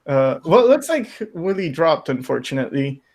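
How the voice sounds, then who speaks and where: A man's voice: a little high, very animated, normal speed, darkish tone. A man hosting a casual art critique chat, playful and joking. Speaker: host.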